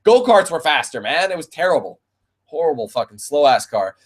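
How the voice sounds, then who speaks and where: A man's voice: a little high, big pitch swings, a little fast, slightly rough. A man in his twenties with a Canadian accent, a gaming streamer answering viewer questions in a casual, profane chat. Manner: laid-back and profane, calls viewers man and bro.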